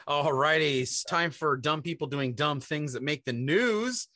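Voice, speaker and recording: A man hosting a comedic radio show, telling stories in a rambling, animated way and slipping into put-on voices. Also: a little high, a little slow, dry recording, clean studio sound.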